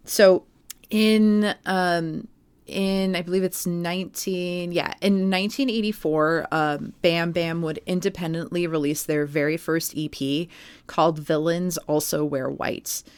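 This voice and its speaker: A woman with a notably low voice tells a story on a podcast in a relaxed, chatty way, full of "like" and "um". The sound is close and dry, with no room around it. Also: measured pace, smooth, dry recording. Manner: chatty storytelling with many fillers. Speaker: podcast co-host. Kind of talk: casual podcast chat.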